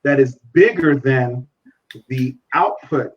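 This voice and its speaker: A man's voice: medium pitch, slow, highs cut off. A man speaking earnestly as a podcast guest, repeating phrases for emphasis and acting out conversations.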